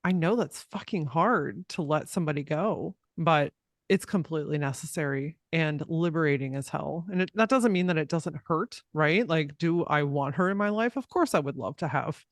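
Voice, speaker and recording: A woman's voice: sits low, normal speed, no echo, clean studio sound. A woman podcast host speaking candidly and from the heart in a casual interview, with the odd swear word.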